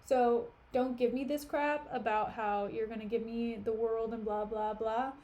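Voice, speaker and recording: A woman's voice: on the high side, steady tone, unhurried, mellow, muffled recording, close to an everyday voice. A woman voicing a sassy young woman who tells off her lover in modern slang, using a close version of her own voice. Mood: indignant. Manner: slangy, indignant.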